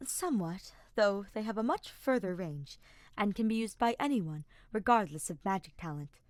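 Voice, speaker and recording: A woman reading a fan-fiction audiobook, voicing a calm middle-aged mother who answers patiently and matter-of-factly. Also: medium pitch, normal speed, no echo, lightly acted.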